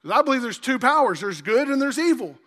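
A man preaching a sermon, telling personal stories and acting out the voices of the people in them, slowing down to stress key words. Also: extremely high pitch, sing-song, a bit bright, big-room sound. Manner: storytelling preacher, acts out quoted voices, slows for emphasis. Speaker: pastor.

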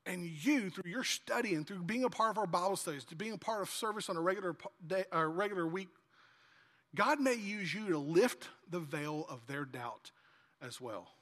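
A man preaching a sermon as pastor, animated and acting out dialogue in lively asides, in a church hall. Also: sits high, normal speed.

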